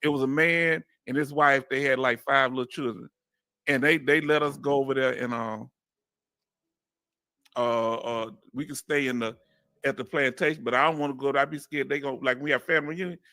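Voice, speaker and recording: A man's voice: mid-range voice, fairly even intonation, fairly quick, pushed and bright, no echo. Southern Texas male host, folksy reader of viewer comments, dry close sound. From Houston, Texas. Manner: folksy, reads comments aloud and chats directly to viewers. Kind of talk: casual livestream chat.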